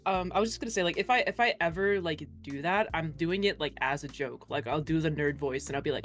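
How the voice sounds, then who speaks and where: A woman's voice: deep voice, fast, hardly any pauses, soft background music. A woman streamer talking as an interview guest in a casual, chatty way, laughing often and filling her talk with "like".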